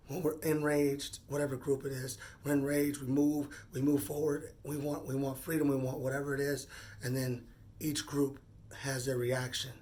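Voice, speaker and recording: A man in his forties speaking off the cuff in a personal monologue, earnest and halting, often repeating words as he gathers his thoughts. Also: mid-range voice, darkish tone, slight background noise. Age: 40s. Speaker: vlogger.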